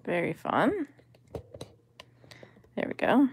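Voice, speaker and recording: A woman's voice: a little high, huge pitch swings, slow, husky, no echo. A woman vlogger giving casual commentary as she sorts vintage jewelry, musing and appraising each piece aloud.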